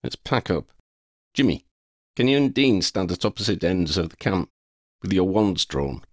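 A man voicing a sensible young wizard who leads the group, firm and commanding, a little higher than his own voice. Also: very animated, normal speed, no echo, studio quality.

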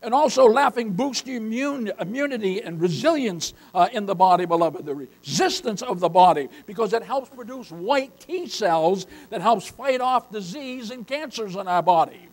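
Preaching as a pastor, an older man speaks in an extremely high pitch. His sermon is emphatic, he repeatedly addresses his listeners as "beloved," and his voice climbs into loud outbursts.

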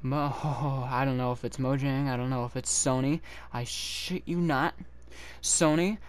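Man, angry gamer rant, swears a lot, repeats himself, slow drawn-out delivery, mid-pitched voice. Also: fairly even intonation, clean tone. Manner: furious, profane, repeats himself. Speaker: gamer venting at his audience. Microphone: console game-capture commentary mic.

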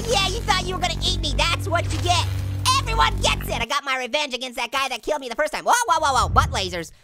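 A man's voice: very high voice, full character voice. A man voicing a cheeky, hyper talking orange who giggles constantly while he trash-talks through a let's-play game commentary, goofy and boastful with potty jokes. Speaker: gamer. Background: game music.

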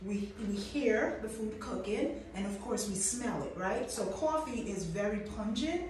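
A woman's voice: medium pitch, lively intonation, measured pace, a little mellow. Chatty woman chef in an echoey kitchen. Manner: chatty, encouraging, talks to the viewer. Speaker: chef and host. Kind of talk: cooking demonstration. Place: kitchen at a coffee company. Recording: echoey room, mic far off, background noise.

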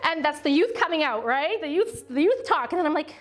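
Woman, 40s, bright high voice, conference speaker, playful and dramatic, performs the voices of people she quotes. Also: brisk, hardly any pauses. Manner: animated, self-mocking, acts out quoted voices. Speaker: workshop speaker on children's ministry. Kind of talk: lively conference workshop talk. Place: church workshop room with a small audience. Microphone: podium.

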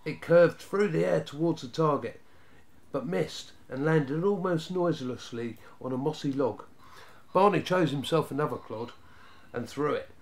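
A man narrating a children's storybook in a steady, even reading voice. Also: on the high side, normal speed, creaky.

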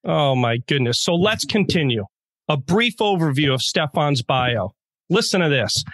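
A man's voice: on the high side, animated, a little slow, fairly bright tone, dry recording. A man co-hosting a podcast, telling jokey stories in a playful, casual way. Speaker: podcast co-host.

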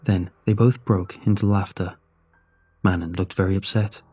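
A man's voice: sits low, steady tone, moderate pace, darkish tone, husky, faint music behind. A man narrating a horror story in the first person, in a tense, scripted reading.

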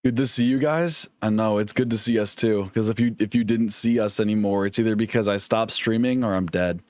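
A young man streaming a video game, chatting casually in a rambling, jokey, excitable way and swearing often. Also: fairly low pitch, fairly quick, no room sound, clean studio sound. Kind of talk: casual live-stream gaming chat.

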